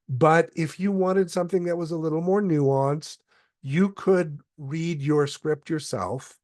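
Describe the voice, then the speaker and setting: A man's voice: fairly high pitch, dry recording. Man giving a dry, close tutorial. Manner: explanatory, steady, with occasional fillers. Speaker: presenter. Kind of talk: software tutorial walkthrough.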